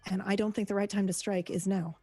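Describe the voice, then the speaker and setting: A woman's voice: medium pitch, fairly even intonation, quick pace, warm tone, no echo, close to an everyday voice. A woman voicing a blunt, cautious adventurer who speaks plainly and practically. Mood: wary.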